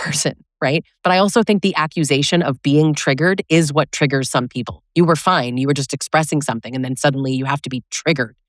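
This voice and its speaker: A woman's voice: deep voice, dry recording, clean studio sound. A woman relationship coach giving blunt, sarcastic advice, acting out quoted lines as she talks. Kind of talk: direct-to-camera advice talk.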